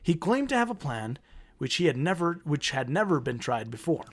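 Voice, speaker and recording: A man's voice: a little high, sing-song, normal speed. A man hosting a casual podcast, reading strange local history aloud, tripping over words and swearing. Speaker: podcast host.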